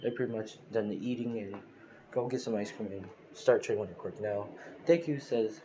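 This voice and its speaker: A man telling an improvised fan story out loud, rambling with lots of fillers and restarts. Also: fairly low pitch, moderate pace, a little hiss or hum, poor audio.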